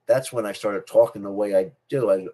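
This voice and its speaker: Speaking briskly in a fairly low, dark voice, this middle-aged channel host chats informally and personally to the camera. He has a speech difference that isn't a stutter, so he often repeats phrases and starts them over.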